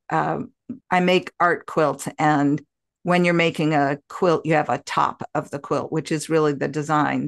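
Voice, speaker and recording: Animated older woman podcast host. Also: low voice. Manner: animated, expressive storyteller. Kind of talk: conversational storytelling interview.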